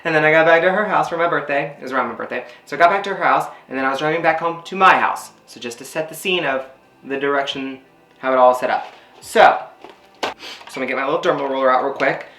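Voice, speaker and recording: A man's voice: fairly high pitch, quick pace, sharp tone, reverberant, slight background noise. A man telling a story in a casual, rambling way while he does his skincare routine. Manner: rambling, filler-heavy chat. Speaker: beauty vlogger.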